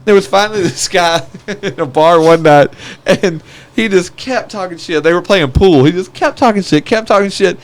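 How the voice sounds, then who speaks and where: A man's voice: high-pitched, normal speed. A man, telling rambling bar stories with frequent laughs in a casual podcast chat.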